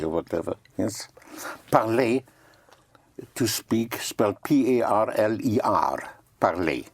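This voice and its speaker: A man giving a French lesson in an unhurried, patient way, saying every word again and spelling it out one letter at a time. His voice sits a little low, and the sound is close and dry with no room echo. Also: animated, husky. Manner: patient, repeats words and spells them letter by letter. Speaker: French teacher. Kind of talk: language lesson.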